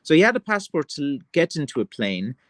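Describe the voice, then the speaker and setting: A man's voice: a little high, brisk, no echo. Rambling Irish man ranting, dry sound. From Ireland. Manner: rambling and excitable, full of fillers like "like" and "you know"; slangy, calling people "man" and "lads". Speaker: livestream host. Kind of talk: casual rant on a livestream.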